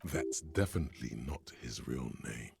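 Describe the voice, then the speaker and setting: A deep gravelly game narrator. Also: male voice, lively intonation, moderate pace, a little mellow, heavily acted. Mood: wry. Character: grave omniscient male inner narrator.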